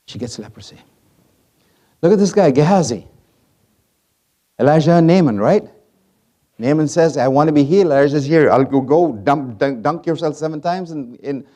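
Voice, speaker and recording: A middle-aged man preaching a sermon, telling stories dramatically and swinging from loud to hushed. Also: on the high side. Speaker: pastor.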